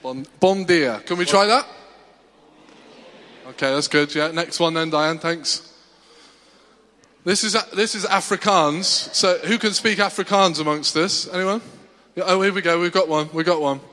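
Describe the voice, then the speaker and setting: High, upbeat man leading a church hall. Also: normal speed, pauses often, sharp tone. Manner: upbeat, encouraging, jokey. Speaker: church service leader. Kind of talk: leading a congregation greeting game.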